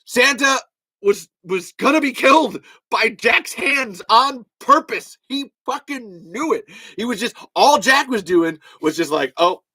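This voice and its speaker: A man with a high, bright voice hosts a solo podcast, ranting fast and swearing freely. His delivery swings into loud bursts as he argues his point. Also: animated, husky, no room sound. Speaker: podcast host. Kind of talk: solo podcast rant reading comments.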